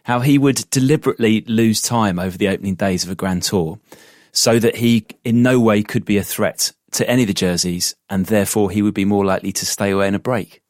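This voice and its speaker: A man's voice: fairly low pitch, brisk, no echo, clean studio sound. A man co-hosting a casual podcast, asking questions and recalling races. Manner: asks questions and recalls moments. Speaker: co-host.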